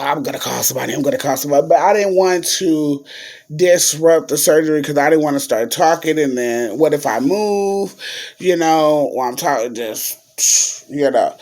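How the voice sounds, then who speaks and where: A woman's voice: low-pitched, darkish tone. A young woman vlogger, chatting to viewers, full of fillers and y'all. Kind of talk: casual storytelling to viewers.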